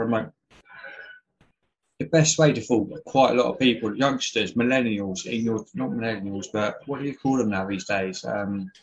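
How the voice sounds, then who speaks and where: A man's voice: medium pitch, normal speed. British guy rambling in a casual chat, goes off on tangents, chuckly, dull lo-fi call audio. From United Kingdom. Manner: rambling, drifts between tangents, chuckles often. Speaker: podcast guest.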